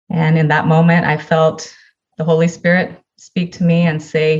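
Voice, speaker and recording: Woman guest on a podcast, low voice, earnest storytelling, slightly muffled sound. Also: steady tone, normal speed, a little mellow. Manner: earnest, acts out dialogue from her story. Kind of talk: personal storytelling.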